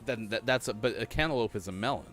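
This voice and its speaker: A man's voice: on the low side, fast talker, fairly bright tone, faint music behind. A man hosting a casual morning show, chatty and laughing at his own jokes. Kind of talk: casual live-stream chat.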